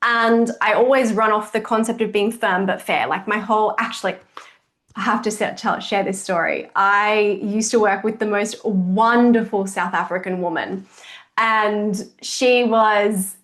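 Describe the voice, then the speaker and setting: A kids' jiu jitsu coach hosting a podcast talks in an unhurried, mid-range voice. She keeps the conversation casual and tells her stories in a lively, expressive way.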